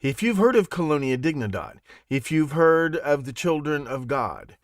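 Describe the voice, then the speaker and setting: A man hosting a live talk show, rambling and animated, with lots of asides and self-corrections. His voice sits a bit high for a man and swings widely in pitch. The sound is dry and close, with no room around it. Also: moderate pace, no room sound. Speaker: podcast host. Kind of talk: casual monologue on a live show.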